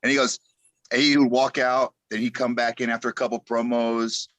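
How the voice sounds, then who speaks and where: A man, a former wrestler, telling an animated story on a podcast, laughing between lines. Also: medium pitch, fairly quick, dry recording. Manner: animated, laughs as he tells stories.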